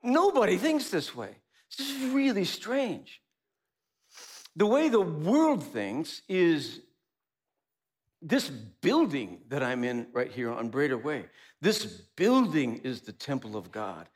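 A man preaching a sermon, animated, asking rhetorical questions and acting out little dialogues. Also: fairly high pitch, slow, slightly rough. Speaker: pastor.

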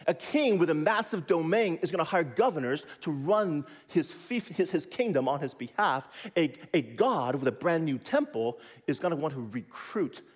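A man preaching a sermon as a pastor, teaching in an animated way and leading the listeners to repeat after him. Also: fairly high pitch, big-room sound. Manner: animated, teaching with call-and-response.

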